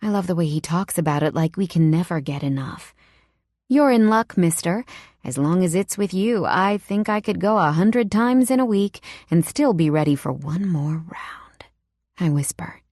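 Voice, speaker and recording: Low-voiced woman narrating romance, hushed. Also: expressive, normal speed, no room sound, clean studio sound. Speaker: audiobook narrator. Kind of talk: first-person romance novel narration.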